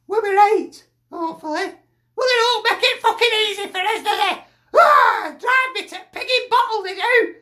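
A man's voice: extremely high pitch, pushed and bright, full character voice. A man voicing a sweary, exasperated older northern aunty, a football fan with a Lancashire accent, ranting and sighing in a comic video. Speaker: football pundit persona.

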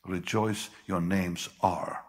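An older man preaching a sermon, with sudden loud bursts and slow, drawn-out phrases. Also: sits low, fairly even intonation. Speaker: pastor. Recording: long hall reverb.

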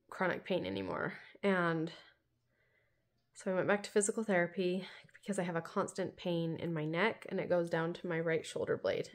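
A woman in her thirties chatting casually in a home vlog, rambling with lots of fillers. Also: on the low side. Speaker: vlogger.

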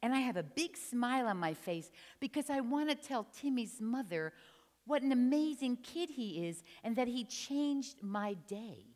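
Older woman from New Jersey, comic stage storyteller; animated, bouncy, slightly high voice in a long hall reverb. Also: measured pace. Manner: animated, chatty, teases the audience. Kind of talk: humorous live storytelling.

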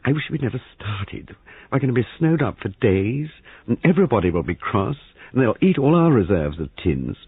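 A man's voice: medium pitch, very animated, normal speed, husky, voice pushed up. A man voicing an anxious young wife who runs a guesthouse, with a flustered, pleading manner, heard in a phone-like, lo-fi reading.

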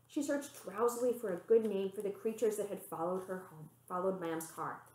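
A woman's voice: normal speed, reverberant, low-quality recording. A woman librarian reading a children's storybook aloud, lifting her voice for the characters. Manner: expressive, voicing the characters with pitch lifts.

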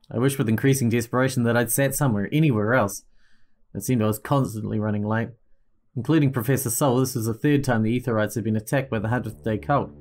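A man hosting a gaming channel, reading an interactive story game aloud, with small slips he corrects. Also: lowish voice. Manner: steady reading, occasional slips and self-corrections.

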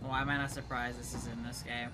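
A man hosting a let's play gaming video, commenting with excitable, jumpy reactions and exclamations. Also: medium pitch, quick pace, music in the background.

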